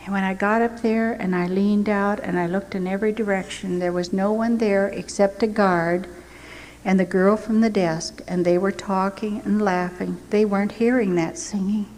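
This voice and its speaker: In an emotional personal story, an older missionary woman from the United States speaks earnestly at normal speed, her medium-pitched voice steady and a little mellow, occasionally sinking almost to a whisper. Long hall reverb and a faint background hiss color the recording.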